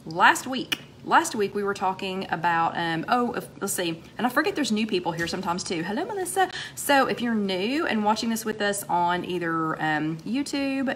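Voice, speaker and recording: A chatty, upbeat woman hosts a casual livestream from home, greeting viewers one after another. Her pitch sits in an ordinary middle range, and a faint hiss runs under her webcam-style recording. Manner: chatty, upbeat, lots of fillers and shout-outs. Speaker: host of a weight-loss livestream chat.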